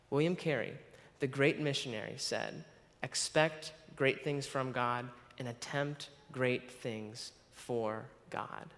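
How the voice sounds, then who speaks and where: A man's voice: a little high, a bit bright. A man preaching a sermon who stumbles over his words and laughs at himself. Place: church sanctuary. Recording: long hall reverb.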